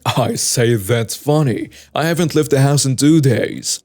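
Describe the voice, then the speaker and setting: A man reading out a written story in an even, flat narration voice, with little change for the quoted people. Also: medium pitch, a little slow, faint music behind. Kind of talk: scripted narration.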